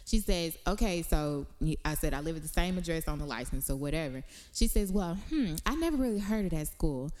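A young woman chats on a casual podcast. Her voice sits fairly low for a woman. She tells her story in a dry, sarcastic, matter-of-fact way and laughs now and then. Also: expressive, a little fast, hardly any pauses, darkish tone. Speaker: podcast co-host. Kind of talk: casual chat.

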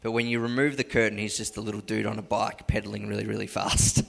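A man preaching a sermon in an animated, conversational way, often restarting sentences. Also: on the low side, fast talker, creaky, in a large hall.

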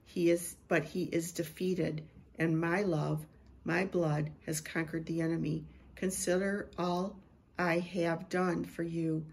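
A middle-aged woman, a Christian prophetic speaker, slowly and reverently reading a prophetic word and sharing a vision. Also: lowish voice, vocal fry, a little mellow, slightly rough.

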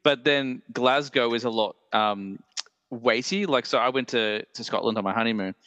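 A man's voice: mid-range voice, moderate pace, fairly bright tone, no room sound, big-room sound. A man guesting on a podcast, chatting casually, laughing and trying out mock accents. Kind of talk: casual chat.

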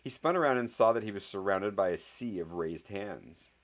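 Low-voiced man narrating a story. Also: expressive. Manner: measured, dramatic storytelling. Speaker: audiobook narrator.

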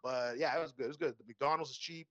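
A man's voice: medium pitch, fast, a bit bright, no room sound, muffled recording. A young man telling stories in casual chat, rambling and profane, full of fillers and restarts.

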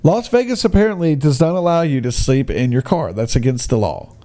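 A man tells a story in a casual, ranting way. He is blunt and excitable, and his pitch leaps around a lot. He keeps tossing in "dude" as he goes. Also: fairly quick.

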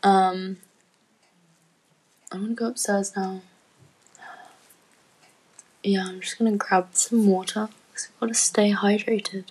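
A woman talks at an unhurried pace, her voice breathy and a little husky. She rambles casually from home, laughing easily and leaning on fillers. Now and then her words thin out into a near-whisper. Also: medium pitch, flat delivery, darkish tone, rough recording. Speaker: student podcaster.

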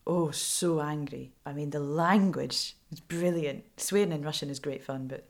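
Low-voiced Scottish woman journalist. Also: moderate pace. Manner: animated and frank, laughs often. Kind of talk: candid interview storytelling.

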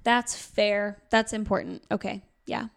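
A young woman from Boston talks through a film with her co-host in easy, joking podcast banter. Her voice carries a gravelly fry at the ends of phrases and sits at a middle pitch. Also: level tone. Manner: chatty, jokey, quick laughs. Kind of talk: casual chat about a film.

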